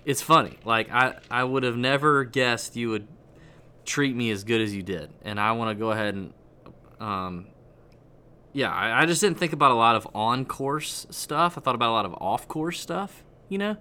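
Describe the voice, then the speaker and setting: A man's voice: medium pitch, moderate pace, bright, forceful tone, clean tone. A man co-hosting a casual golf chat, joking and rambling through his answers. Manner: joking, rambling, self-deprecating. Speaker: podcast co-host. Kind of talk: casual banter.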